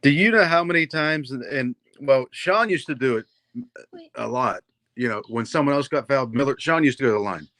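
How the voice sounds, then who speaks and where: A man's voice: medium pitch, animated, a little fast, fairly bright tone. A middle-aged man with a mid-range voice co-hosts a loose video-call chat. He laughs often and jumps in with teasing remarks. The sound is close and dry, with no room echo. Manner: laughs often, interrupts and teases. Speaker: co-host. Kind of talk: casual chat.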